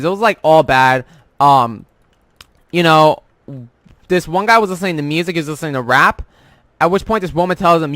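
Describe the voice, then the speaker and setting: A man's voice: on the high side, pushed and bright, no room sound. A young man rambling through a profane, filler-heavy story about his work, speaking casually as a vlogger.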